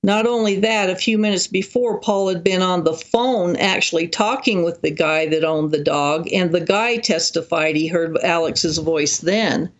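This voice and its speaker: Guest speaker, mid-pitched voice, animated detailed storyteller, interview setting. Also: moderate pace, few pauses.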